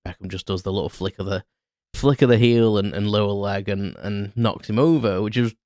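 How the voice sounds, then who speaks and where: Brisk and a little mellow, this lowish British voice belongs to a thirty-something podcast host whose intonation stays fairly even. His unscripted story wanders, with lots of fillers and false starts, captured clean and dry on a close mic in the studio.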